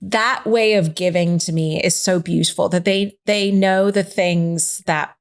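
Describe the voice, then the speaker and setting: Lively storytelling woman, lowish voice. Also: a little slow. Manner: animated storyteller, acts out voices in quotes. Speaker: podcast guest. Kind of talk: casual interview chat.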